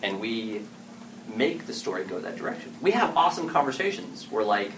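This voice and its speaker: A man gives a relaxed, animated talk to an audience in an event room. His voice swings widely in pitch as he acts out little exchanges between players and game masters. He sounds set back from the microphone, with steady background noise under him. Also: a little fast. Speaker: panel speaker on story games. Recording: distant mic with clear background noise.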